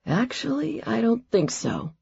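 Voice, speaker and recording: A woman's voice: a little high, huge pitch swings, unhurried, vocal fry, mellow, husky, dry recording, highs cut off, voice pushed up, exaggerated voice. A woman reading the part of a joking, easygoing male FBI agent in an audiobook. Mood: wry. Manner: dry, joking.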